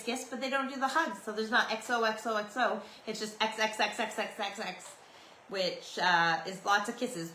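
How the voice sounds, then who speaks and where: A woman's voice: lowish voice, sharp tone, roomy sound, slight background noise, poor audio. A Canadian woman in her forties hosting a podcast, rambling through stories in a chatty, meandering way. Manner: chatty, meandering, loose and storytelling. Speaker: podcast host. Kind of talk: rambling solo podcast chat.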